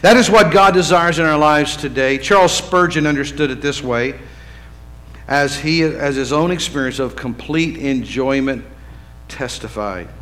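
A man preaching a sermon as pastor in his church, conversational, swinging from loud emphatic lines to hushed, low ones. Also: normal speed, poor audio.

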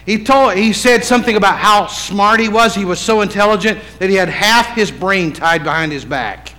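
A man preaching to his congregation with a bright, forceful, fairly high voice. He talks conversationally and checks in with the room, then drops to a hush and rises again for emphasis. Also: moderate pace, poor audio. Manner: conversational, swings from loud emphatic lines to hushed low ones. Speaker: pastor. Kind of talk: sermon. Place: church.

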